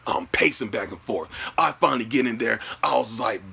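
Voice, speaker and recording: Gravelly-voiced man in a brash profane rant. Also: medium pitch, fairly quick, hardly any pauses, a little hiss or hum. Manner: brash, animated, loud outbursts in acted quotes. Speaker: comedic storyteller.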